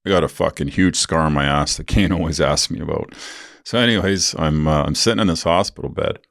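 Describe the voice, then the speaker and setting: A man with an extremely deep, low voice tells a rambling, profane story on his podcast, full of fillers. The sound is dry and close, with no room around it. He jumps into raised voices when he acts out what other people said. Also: a little fast, creaky, fairly bright tone, no echo. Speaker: podcast host. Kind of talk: casual storytelling.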